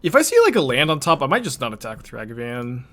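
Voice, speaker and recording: A man's voice: mid-range voice, wildly swooping pitch, quick pace, a bit bright, a little hiss or hum. Chatty man streaming a card game. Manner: thinks aloud, chatty, answers chat questions. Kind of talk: casual live-stream gameplay commentary.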